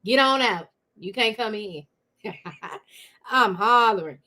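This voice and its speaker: A woman hosting a live reaction commentary from her home, laughing loudly and talking straight to her viewers. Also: medium pitch, takes it slowly. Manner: loud laughing, animated, talks to viewers. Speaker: commentary host.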